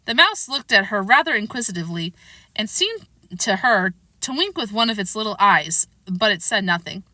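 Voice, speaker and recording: A woman reading a children's classic aloud in a lively, expressive way. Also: mid-range voice, moderate pace, no room sound. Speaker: storybook reader.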